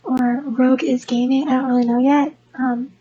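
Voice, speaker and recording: A woman's voice: high voice, level tone, normal speed, warm tone, slightly rough, highs cut off. A young woman who hosts a gaming channel, rambling casually in an unscripted voice-over with lots of restarts. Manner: rambling, chatty, many restarts.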